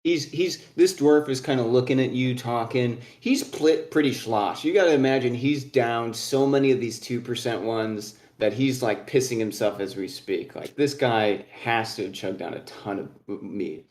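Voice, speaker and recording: A man's voice: medium pitch, normal speed, few pauses, darkish tone. Casual young man running a tabletop game. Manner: casual, many fillers and restarts. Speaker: game master. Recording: echoey room.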